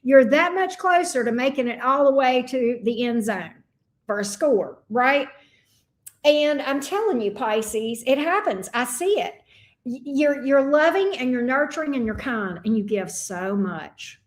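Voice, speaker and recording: High-voiced blunt woman tarot reader. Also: animated, measured pace. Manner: blunt, profane, folksy sayings. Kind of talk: casual astrology reading chat.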